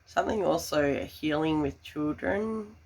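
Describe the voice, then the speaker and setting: A woman giving a tarot reading, gushing and full of fillers, breaking into excited laughter. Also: low-pitched, a little slow, gravelly. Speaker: tarot reader.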